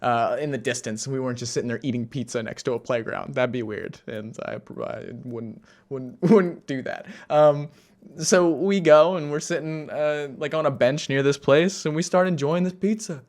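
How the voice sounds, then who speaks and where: Young man from the states, mid-pitched voice, casual storytelling, rambling and self-amused. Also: moderate pace, darkish tone. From United States. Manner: rambling, self-amused, many fillers and restarts. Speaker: vlogger.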